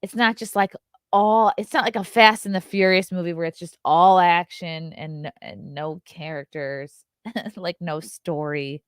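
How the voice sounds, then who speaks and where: A woman giving a casual, joking movie review, acting out the characters' lines in quick little voices. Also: on the low side, clear, resonant tone, no echo, studio quality. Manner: animated, jokey, acts out voices of characters.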